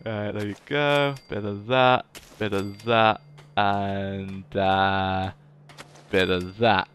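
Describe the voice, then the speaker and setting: A man's voice: lowish voice, level tone, takes it slowly, a bit bright. A young man streaming a video game, chatting in a goofy, casual way to his viewers. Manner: chatty, goofy, talks to chat. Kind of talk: casual gaming livestream chat.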